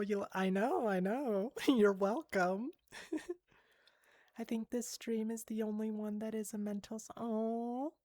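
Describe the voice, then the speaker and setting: A woman's voice: medium pitch, mellow, no room sound, studio quality. A woman chatting on a livestream and reading out chat, rambling with many fillers and giggles. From United States.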